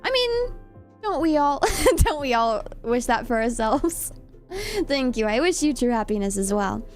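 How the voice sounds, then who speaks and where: Young female streamer, high bright voice, casual and giggly chat with viewers. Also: big pitch swings, unhurried, faint music behind. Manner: giggly, chatty, reads chat aloud.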